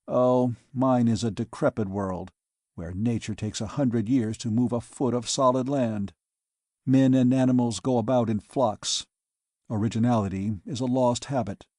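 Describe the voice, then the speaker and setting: Storybook hero: earnest, grave traveller, read by a male narrator, warm timbre. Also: medium pitch, steady tone, moderate pace, no echo, clean studio sound, lightly acted. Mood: wry. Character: earnest, principled male traveller on an alien world.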